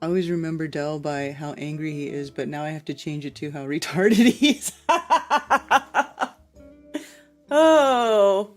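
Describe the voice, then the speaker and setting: A woman's voice: low voice, a little fast, few pauses, soft background music. A woman hosting a casual livestream, chatting and reacting with laughs as she comments on a played clip and reads out viewer comments. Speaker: livestream host.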